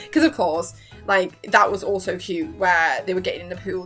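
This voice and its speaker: A woman's voice: mid-range voice, lively intonation, a little fast, pushed and bright, faint music behind. A young woman vlogger chatting casually and rambling, gushing and giggling as she acts out quotes. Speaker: reaction vlogger.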